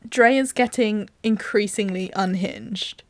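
A woman's voice: medium pitch, a little slow, dry recording. Chatty woman recapping a film, dry sound. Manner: chatty storyteller, walks through scenes with lots of "like". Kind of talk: casual chat recapping a film.

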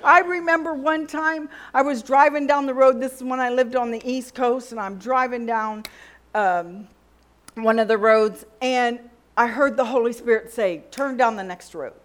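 A woman's voice: on the high side, steady tone, moderate pace. A middle-aged woman preaching a sermon, telling stories and acting out what was said to her. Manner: storytelling, acts out dialogue with God and others.

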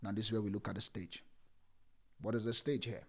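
A middle-aged man preaching a sermon, repeating phrases and switching between loud bursts and hushed lines. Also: fairly low pitch, flat delivery, fairly quick, creaky. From Nigeria. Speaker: pastor.

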